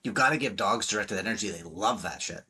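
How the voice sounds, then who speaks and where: Male coach, podcast guest; low, husky, forceful delivery, blunt and profane. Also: fast talker. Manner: emphatic, blunt, swears freely, acts out quotes. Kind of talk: podcast interview talk.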